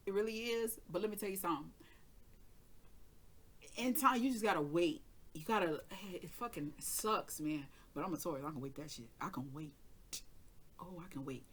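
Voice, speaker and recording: A woman tells a story in a casual, animated way. She curses freely and acts out every voice in the dialogue herself. Her voice is low-set but bright and forceful. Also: normal speed. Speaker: tarot reader and channel host.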